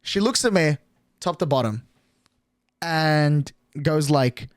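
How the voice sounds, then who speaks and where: A male streamer meanders through a story at a slow pace, stuffing each sentence with filler words and curses. His pitch bounces around in a lively way, and the recording is dry and close-miked.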